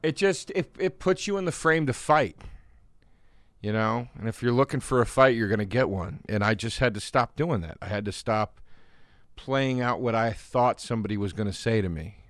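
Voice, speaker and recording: A man's voice: medium pitch, normal speed, no echo, clean studio sound. A man, a guest comedian, telling rambling, self-deprecating stories in casual chat.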